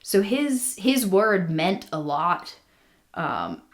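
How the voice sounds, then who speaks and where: A woman's voice: mid-range voice, sing-song, drawn-out words. A woman co-hosting a casual podcast, telling a history story with many ums and restarts. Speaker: podcast co-host.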